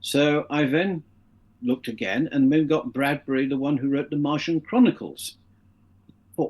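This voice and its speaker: A man's voice: on the high side, unhurried, a little mellow. A middle-aged man, a guest in an interview, telling long anecdotes and acting out the voices of the people in them. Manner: anecdotal, acts out the voices in his stories. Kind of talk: casual interview storytelling.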